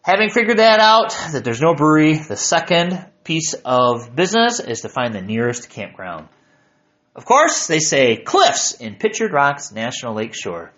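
A man's voice: on the high side, huge pitch swings, normal speed, fairly bright tone, lo-fi sound. A man narrating his hiking journal aloud with wry, self-mocking humor.

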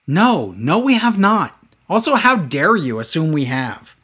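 A man's voice: on the high side, very animated, unhurried, bright, forceful tone, slightly rough. A man in casual chat, reviewing a wrestling show with sarcastic, exasperated commentary.

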